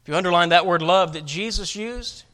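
A man's voice: high voice, brisk, pushed and bright. A man preaching a sermon, emphatic and often repeating his words as he presses each point. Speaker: pastor.

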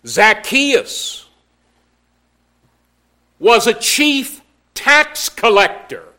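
Slow-preaching man with a high voice. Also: very animated, sharp tone. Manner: slow, measured preaching with emphatic rises. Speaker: pastor. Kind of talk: sermon.

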